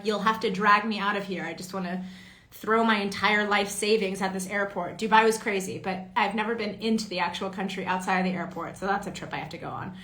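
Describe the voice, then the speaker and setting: A woman's voice: mid-range voice, bright, forceful tone. A woman, an actress, chatting casually on a live stream, greeting fans by name and reading their comments aloud while she signs. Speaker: voice and motion-capture actress hosting a fan signing. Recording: echoey room.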